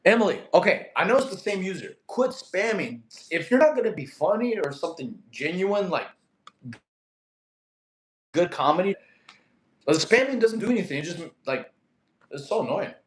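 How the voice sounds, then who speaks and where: Young guy from russia doing a fitness livestream, bouncy pitch, voice a bit high, echoey room. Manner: lively, quick to get irritated at spammers. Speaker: fitness streamer. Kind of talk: livestream chat reading.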